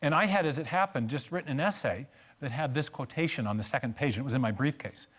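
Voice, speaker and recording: A man's voice: mid-range voice, fast talker, a bit bright, breathy edge. A man giving a church lecture on science and faith, telling stories with emphatic repetition and joking asides.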